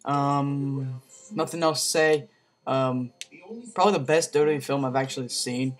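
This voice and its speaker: Casual reviewer, male, monotone delivery, loose rambling retelling full of "um" and "like". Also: medium pitch, unhurried. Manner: rambling, full of fillers and slang. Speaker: movie reviewer.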